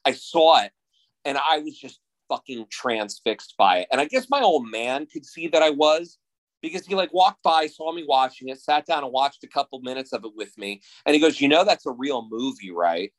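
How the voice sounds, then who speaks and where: A man in his thirties from New Jersey, a podcast guest telling stories in a casual, excitable and profane way. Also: fairly high pitch, normal speed, poor audio. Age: 30s. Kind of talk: casual chat.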